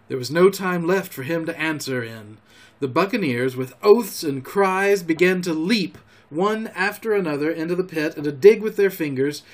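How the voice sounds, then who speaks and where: A man hosting a storytelling show, reading a classic novel aloud in a calm, homely way. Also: on the high side. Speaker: storyteller host.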